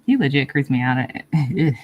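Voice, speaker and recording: A woman chats on her livestream and replies to viewer comments in an easygoing way. She meanders from one thought to the next and pauses often. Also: extremely low pitch, sing-song, dull audio. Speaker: livestream host. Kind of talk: casual live-stream chat, reading viewer comments.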